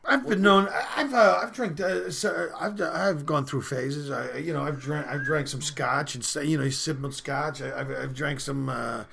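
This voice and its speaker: A man's voice: fairly high pitch, steady tone, normal speed, creaky, few pauses, a bit bright. A middle-aged man from Philadelphia, a podcast guest and comedian, talking casually with lots of cursing and stammering restarts. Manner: profane, rambling, stammering restarts. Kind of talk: casual podcast chat with crude jokes.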